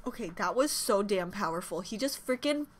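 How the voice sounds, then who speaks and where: A woman hosting a reaction video, gushing emotionally, swearing often and breaking into excited exclamations. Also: medium pitch, fairly quick. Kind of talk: casual reaction commentary. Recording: music playing behind. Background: music from the video she reacts to.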